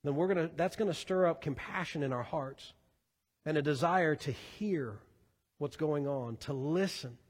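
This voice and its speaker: Earnest preaching man in a reverberant hall. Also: normal speed. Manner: earnest, building to fervent emphasis then dropping low. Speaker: pastor. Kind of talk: sermon.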